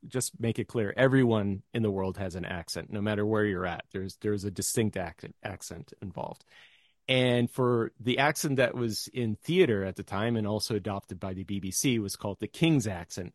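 On a casual podcast, a male guest with a lowish voice tells stories and acts out the voices of the people he quotes. The recording is clean studio sound with no echo.

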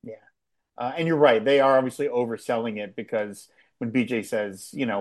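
A podcast co-host chatting casually about a TV episode, laughing often and acting out quoted lines. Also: male voice, mid-range voice, steady tone, brisk. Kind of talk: casual chat recapping a TV episode.

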